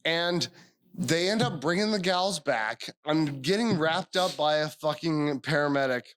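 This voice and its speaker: Man, podcast host, casual storytelling, lively swooping delivery, high voice, acts out quotes. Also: a little slow, clean tone. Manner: animated, acts out quoted voices, swears a lot.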